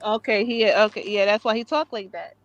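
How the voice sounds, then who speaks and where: A woman's voice: mid-range voice, fairly even intonation, fairly quick, dull audio. Chatty woman with a New York accent. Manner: chatty, laughs easily, opinionated. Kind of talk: casual late-night chat.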